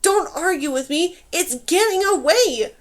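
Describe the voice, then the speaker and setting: A woman voicing a vicious male bird-monster villain who taunts and shouts orders. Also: high-pitched, a little slow. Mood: shouting.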